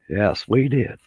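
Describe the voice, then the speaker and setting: A man's voice: mid-range voice, fairly bright tone, slightly rough, no room sound, dull audio. A man hosting a casual livestream chat, rambling in a folksy way and laughing at his own jokes. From Michigan. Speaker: livestream host.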